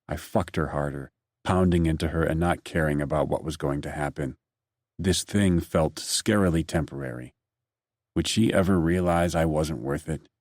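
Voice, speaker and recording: A man giving brooding first-person audiobook narration in a low, quiet delivery. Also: normal speed, no room sound, studio quality.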